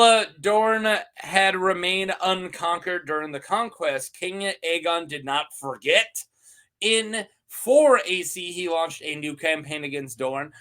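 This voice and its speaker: A man's voice: sits high, sharp tone. A man hosting a lore channel, chatting casually and animatedly, rambling and laughing often.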